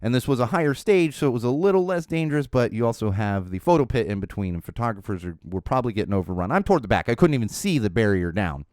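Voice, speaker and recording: Male podcast host, casual rambling storyteller, smooth clear tone, dead-dry recording. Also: mid-range voice, lively intonation, quick pace, few pauses, a little mellow, no echo. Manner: rambling, with many fillers and restarts.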